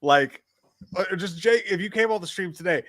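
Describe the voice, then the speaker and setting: A man's voice: sits high, normal speed, a bit bright, no echo. A man joking and teasing his co-host as a podcast host in casual chat.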